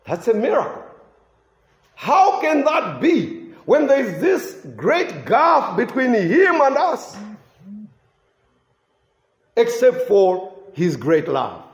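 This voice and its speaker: A man's voice: very high voice, huge pitch swings, slow pace, long pauses, reverberant. A man preaching a sermon with emphasis, repeating key phrases for weight.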